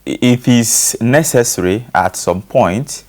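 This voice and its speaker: A man's voice: medium pitch, slow pace. Nigerian man explaining with many fillers. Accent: Nigerian English. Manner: explains by analogy, many fillers like "you know". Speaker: panel guest. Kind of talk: discussion on a talk show.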